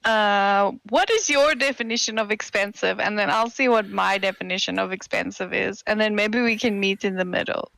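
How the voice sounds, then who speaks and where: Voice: medium pitch, steady tone, normal speed, gravelly, hardly any pauses, bright, forceful tone, no echo, low-quality recording. A player in a tabletop game who chats casually, laughs often and teases the others.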